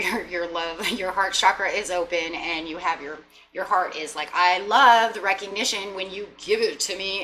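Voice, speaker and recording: A woman's voice: sits low, pushed and bright, slight background noise, low-quality recording. A woman giving a casual tarot reading, talking in a rambling way and acting out short imagined exchanges. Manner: chatty, rambling, acts out little quoted exchanges. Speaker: tarot reader.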